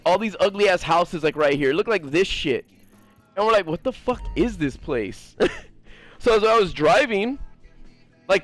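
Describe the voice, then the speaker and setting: A man tells a long, meandering story to his viewers in a high, animated voice, loaded with fillers and casual swearing. Faint music plays behind him. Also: dry recording. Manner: rambling, profane, lots of fillers. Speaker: gaming streamer.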